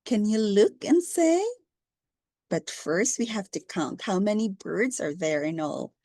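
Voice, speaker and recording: Woman, online English teacher, slightly husky, dry close mic, patient repeating. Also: medium pitch, expressive, mellow, no room sound. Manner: speaks slowly, repeats words, mimics animal sounds. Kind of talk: slow, encouraging lesson for a young learner.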